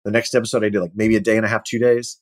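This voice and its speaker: A middle-aged man telling lively anecdotes as a guest on a casual chat show, acting out quotes and restarting his sentences often. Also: fairly low pitch, rapid-fire. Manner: animated, acts out quotes, frequent restarts. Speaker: podcast guest, actor.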